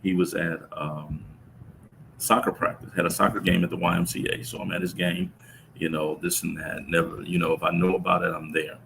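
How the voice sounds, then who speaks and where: A middle-aged man telling a personal story about his son in an interview, speaking in a reflective, halting way with many restarts. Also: sits low, level tone, creaky, a bit bright, slight background noise, low-quality recording. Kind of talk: conversational storytelling.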